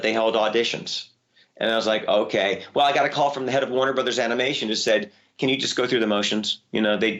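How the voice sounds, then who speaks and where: Lively man telling stories. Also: dull audio. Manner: lively, jumps up in pitch when excited. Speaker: voice actor guest. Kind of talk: casual interview storytelling.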